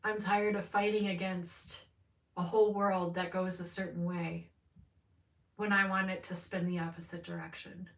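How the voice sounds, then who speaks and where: Her voice sits on the low side, level in tone and moderate in pace. She hosts a live tarot reading, talking in a loose, frank way with plenty of swearing and laughter, and the mic sits at a distance, making the sound roomy.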